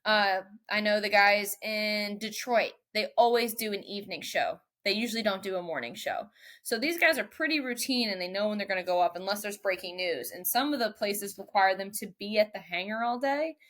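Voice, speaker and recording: A young woman, a mechanic guest on a podcast, telling a story casually and lively, quoting others in raised voices. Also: mid-range voice, brisk.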